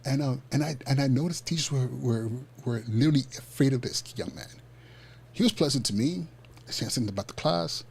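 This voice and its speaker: Animated man telling a story on a podcast. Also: medium pitch, fairly quick, vocal fry, husky. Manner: animated, acts out quoted dialogue in street slang; frequent fillers and self-restarts. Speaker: podcast host. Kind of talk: casual personal storytelling.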